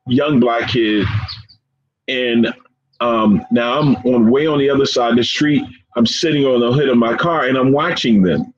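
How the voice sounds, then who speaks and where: A man being interviewed as a guest, speaking earnestly and with deep emotion, often repeating phrases and calling his listener "man.". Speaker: guest, professor and founder of a forgiveness organization. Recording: dull lo-fi sound with faint background noise.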